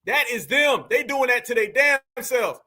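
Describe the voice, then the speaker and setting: A man hosting a show, giving animated, incredulous and profane slang-heavy commentary on video clips. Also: very high voice, moderate pace. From United States. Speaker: show host.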